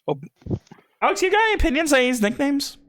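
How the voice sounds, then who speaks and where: A man's voice: very high voice, very animated, quick pace, fairly bright tone. A man hosting and running a tabletop game, chatting playfully and stammering over repeated words. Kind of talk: casual chat before a tabletop game.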